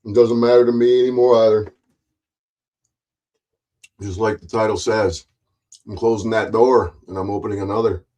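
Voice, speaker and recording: A man's voice: lowish voice, fairly even intonation, normal speed, pauses often, dark tone. A man streaming an angry ranting monologue, blunt and full of swearing, repeating himself with frequent restarts and mocking other people's voices.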